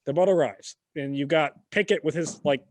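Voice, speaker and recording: A man co-hosting a casual history podcast, telling the story in an animated, profane way with sudden shouted bits. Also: fairly high pitch, brisk, dry recording. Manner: animated, swearing, jumps into shouted impressions. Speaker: podcast co-host.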